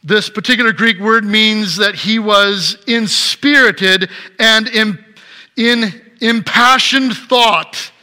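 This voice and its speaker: A middle-aged man preaching a sermon as pastor, swinging between loud emphatic passages and soft quiet ones. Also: sits high, slow pace.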